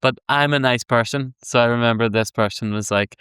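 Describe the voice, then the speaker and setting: A man's voice: mid-range voice, brisk, few pauses, fairly bright tone, clean tone, dry recording, clean studio sound. A man on a podcast, earnestly reflecting and sharing personal stories in casual discussion.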